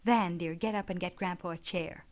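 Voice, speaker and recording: Woman reading kindly cheerful mother, gentle, merry, audiobook. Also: fairly low pitch, steady tone, moderate pace, natural voice. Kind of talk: audiobook character voice.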